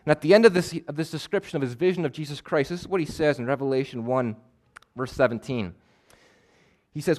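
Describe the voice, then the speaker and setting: A male preacher delivering a sermon, emphatic and measured, repeating key phrases for weight. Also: fairly high pitch, darkish tone. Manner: measured, stretches words for stress.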